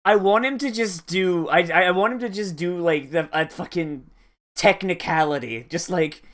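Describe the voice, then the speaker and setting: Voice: medium pitch, normal speed, fairly bright tone. Sarcastic profane anime reactor. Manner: profane, laughing, sarcastic asides. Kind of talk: casual reaction commentary.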